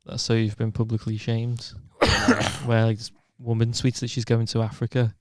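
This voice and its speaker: Podcast guest, laid-back, flat delivery, dry close mic. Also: male voice, mid-range voice, moderate pace, dry recording. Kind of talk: casual podcast chat.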